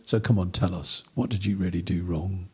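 A man's voice: deep voice, fairly even intonation, normal speed, dark tone, slightly rough, voice pushed down. A man voicing Job's comforters as smug, prying male friends, insinuating and coaxing.

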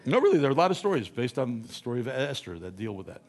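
A man's voice: medium pitch, big pitch swings, rapid-fire. A man giving a humorous lecture in a conversational way, often asking "right?" and correcting himself mid-word.

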